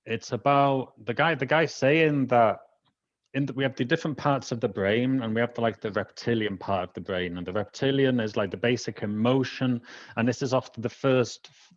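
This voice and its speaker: A man's voice: medium pitch, moderate pace, no room sound. A man hosting a casual conversation, rambling with many fillers over dull video-call audio. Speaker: host.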